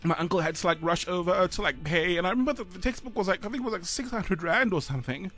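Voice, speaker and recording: A man in his thirties with a South African accent, co-hosting a breakfast radio show, speaking haltingly with sighs, choked up and close to tears. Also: sits high, animated, fairly bright tone, soft background music. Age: 30s. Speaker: radio co-host. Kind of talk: emotional radio chat.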